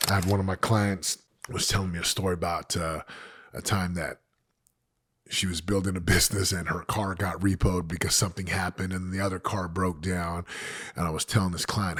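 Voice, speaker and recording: Husky, low-voiced motivational man. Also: little pitch movement, normal speed, a bit bright. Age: 40s. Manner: emphatic, repeats phrases for effect. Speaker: motivational podcast host. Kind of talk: motivational talk to camera. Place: podcast set.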